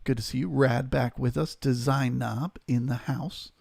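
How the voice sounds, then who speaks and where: A man's voice: mid-range voice, steady tone, unhurried, creaky, darkish tone, no room sound, clean studio sound. A man hosting a live trading stream, steadily talking through market levels and greeting viewers in chat.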